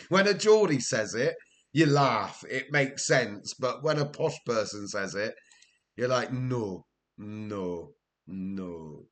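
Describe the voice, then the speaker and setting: A man's voice: mid-range voice, expressive, slow pace, a bit bright. A young Welsh man chatting casually on a live stream while playing a football management game, telling stories and laughing often. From Wales. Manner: chatty storyteller, laughs often, answers chat. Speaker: gaming streamer. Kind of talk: casual live-stream chat over gameplay.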